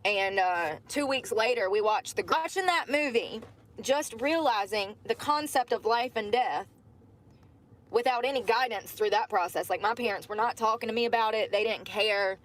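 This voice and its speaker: Casting: woman, slightly high voice, chatty livestream storytelling, talks straight to viewers. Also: moderate pace. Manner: chatty, addresses viewers as y'all.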